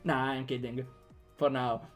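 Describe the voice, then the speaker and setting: A man's voice: mid-range voice, flat delivery, a little slow, faint music behind. A young man with an Italian accent chatting playfully on a livestream while programming, laughing often and joking with chat. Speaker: game developer streamer.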